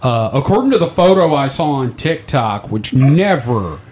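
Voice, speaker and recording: A man's voice: mid-range voice, sing-song, moderate pace, a little mellow. A man co-hosting a casual chat show, incredulous and exclaiming. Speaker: podcast co-host. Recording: faint background noise.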